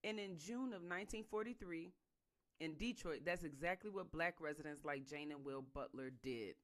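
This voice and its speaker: Someone reading a book out loud, steady reading then heated slangy side comments. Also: medium pitch, moderate pace. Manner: calm reading that breaks into heated, emphatic asides; casual slangy speech in the asides.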